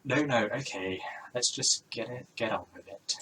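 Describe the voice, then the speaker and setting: A man's voice: medium pitch, moderate pace, pushed and bright, slight background noise, low-quality recording. A man narrating his homemade game, reading scene titles and adding casual asides.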